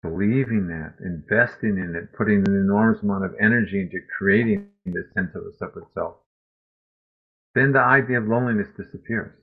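Guy giving a dharma talk, soft and reflective, tinny phone-line kind of recording. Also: fairly low pitch, husky. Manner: slow, gentle, reflective with soft pauses. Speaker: meditation teacher.

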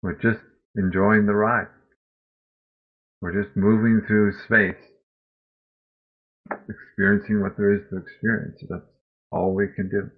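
A man giving a meditation dharma talk, speaking slowly and gently with reflective pauses. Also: lowish voice, level tone. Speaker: meditation teacher. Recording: phone-like lo-fi recording.

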